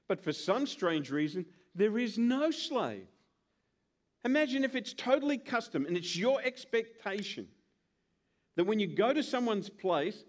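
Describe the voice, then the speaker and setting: A male pastor preaching a sermon, acting out little scenes with voices. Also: sits high. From Australia. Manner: animated, acts out scenes with put-on voices.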